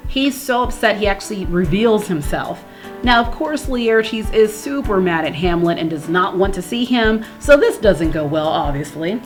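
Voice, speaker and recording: A woman explaining a play in a casual teaching manner, reading verse slowly and then paraphrasing it plainly. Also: mid-range voice. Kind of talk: explanatory read-through of a play. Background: soft background music.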